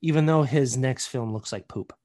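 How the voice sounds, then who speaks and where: A man's voice: mid-range voice, moderate pace, darkish tone. A young man co-hosting a podcast, reading through entertainment news in casual chat, joking and swearing often. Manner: swears a lot, jokey. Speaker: podcast co-host.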